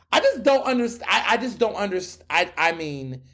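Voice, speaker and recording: A man in his thirties hosting a solo commentary podcast, talking in a sassy, animated way, firing back mocking retorts. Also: high voice, unhurried. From United States. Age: 30s. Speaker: podcast host.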